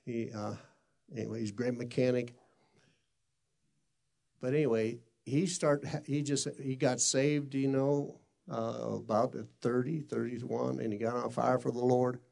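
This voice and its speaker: A middle-aged man preaches with a gravelly, somewhat rough voice at an ordinary pitch. He talks earnestly and conversationally, stumbling and restarting as he tells his story. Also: steady tone, a little slow, a little mellow. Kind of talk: sermon storytelling.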